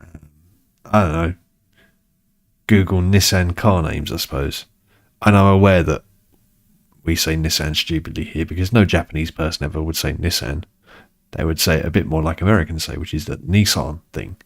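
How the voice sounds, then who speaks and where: A man's voice: rumbling low, moderate pace, vocal fry, pauses often. A middle-aged British man chatting casually while streaming a game, rambling and swearing in mock exasperation. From United Kingdom. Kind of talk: casual chat while gaming.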